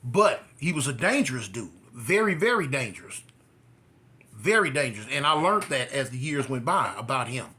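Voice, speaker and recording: A man from California, a former prisoner, telling his story in a casual way and acting out the dialogue. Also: moderate pace. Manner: animated, acts out dialogue with rising pitch.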